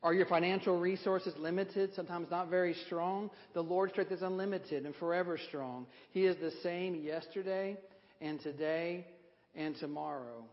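A man's voice: sits high, fairly even intonation, normal speed. A man preaching a sermon as pastor, emphatic and leading the congregation in repeating a phrase, then chatting casually. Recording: dull audio in a reverberant sanctuary.

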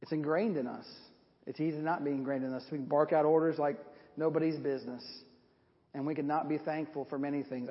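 A man preaches with emphasis, throwing rhetorical questions and repeating key words. His voice sits high, and the recording is dull and lo-fi. A long hall reverb trails every phrase. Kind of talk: sermon.

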